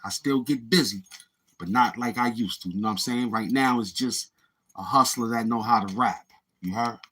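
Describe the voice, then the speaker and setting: A man's voice: mid-range voice, a bit bright, breathy edge. A middle-aged man with a Brooklyn accent hosting a livestream in casual chat, answering viewers in streetwise slang and repeating himself. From Brooklyn, New York. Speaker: livestream host reading chat.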